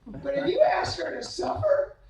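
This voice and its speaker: A woman with a high voice gives a humorous after-dinner speech, telling teasing anecdotes about her former tennis players. She acts out their voices as she goes. The sound is echoey and distant, as if the mic sits across a large banquet hall. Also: sing-song, normal speed, mellow.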